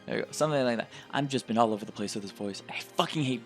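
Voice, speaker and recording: A man's voice: mid-range voice, racing, few pauses, soft background music. A man hosting a let's play, commenting casually with profanity and mocking himself. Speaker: gaming channel host.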